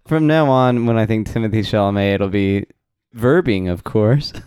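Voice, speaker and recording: A man's voice: fairly low pitch, moderate pace, darkish tone, smooth, no room sound, clean studio sound. A man co-hosting a podcast, trading playful jokes in casual banter and laughing often. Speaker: podcast co-host.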